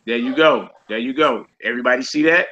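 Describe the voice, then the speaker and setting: A man teaching a casual group Hebrew lesson over a voice call, quizzing his students in a relaxed, conversational way. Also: mid-range voice, quick pace, dull audio.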